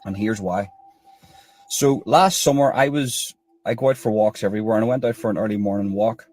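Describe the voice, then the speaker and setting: A man's voice: on the low side, fairly quick, a little mellow, soft background music. Rambling man in his thirties. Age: 30s. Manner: rambling, with restarts and quoted dialogue. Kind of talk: casual storytelling.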